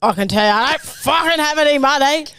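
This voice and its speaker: A man's voice: animated, fast, sharp tone, no room sound, full character voice. A man putting on a brash, pushy tough-guy voice with a put-on lisp. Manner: higher, pushy, lisping delivery.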